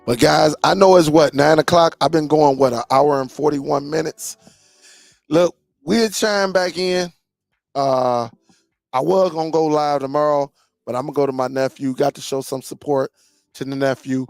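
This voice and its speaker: Chatty gravelly-voiced man hosting a live stream. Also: fairly high pitch, fairly even intonation, normal speed, dry recording, soft background music. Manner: laid-back, storytelling, chatty with frequent "man". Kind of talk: casual live chat with viewers.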